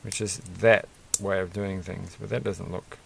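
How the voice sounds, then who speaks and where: A man's voice: low-pitched, fairly even intonation, a little slow, vocal fry, slight background noise. A man casually rambling and musing aloud as he builds a toy set, mildly self-deprecating.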